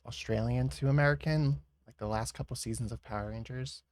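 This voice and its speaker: A man's voice: mid-range voice, fairly even intonation, fairly quick, no echo, studio quality. A man streaming while he draws, chatting casually with viewers in a rambling, giggly way.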